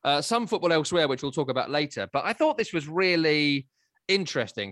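A man hosting a football chat show, talking in a wry, animated way that swings between loud and quiet. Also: on the high side, fairly quick, no echo, studio quality. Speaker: podcast host. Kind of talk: casual chat.

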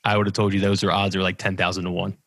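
A man's voice: low voice, little pitch movement, fairly bright tone, dry recording. A young man, co-hosting a casual sports podcast, teasing and emphatic. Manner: teasing, quick-fire and emphatic. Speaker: podcast co-host.

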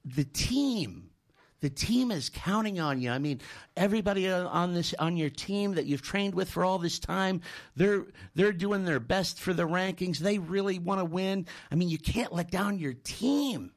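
A man's voice: high voice, expressive, unhurried, pitched above the performer's own voice. A man voicing a frustrated male swim coach who coaxes and pleads with his star athlete. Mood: coaxing.

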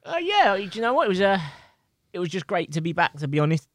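A man's voice: high-pitched, very animated, quick pace, fairly bright tone, no echo. A man co-hosting a casual football podcast, talking in a blokey, chatty way and saying "mate" a lot. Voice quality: blokey, swears freely, says "mate" a lot. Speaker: podcast co-host.

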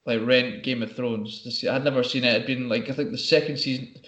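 A man's voice: medium pitch, fairly even intonation, a little fast, fairly bright tone. A man telling rambling stories in casual chat. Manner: rambling storyteller, acts out quotes. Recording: roomy, dull lo-fi sound.

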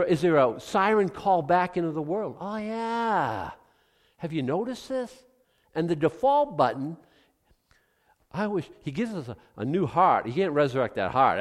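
A man preaching a sermon as pastor, animated, swinging from hushed asides to loud exclamations. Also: on the high side, long reverb tail.

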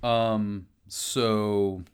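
Hesitant lower-voiced man playing a tabletop game. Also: flat delivery, drawn-out words, clear, resonant tone. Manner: hesitant, many fillers, laughs. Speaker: player.

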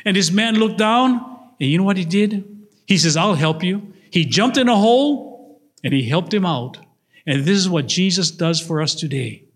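High-voiced older man preaching a lively sermon. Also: moderate pace. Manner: animated storytelling preacher, acts out voices in his stories. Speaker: pastor.

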